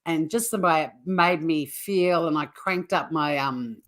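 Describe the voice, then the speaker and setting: A woman's voice: low voice, measured pace. A woman hosting a casual true crime livestream, blunt and swearing freely, repeatedly breaking into helpless laughter. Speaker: true crime YouTube host.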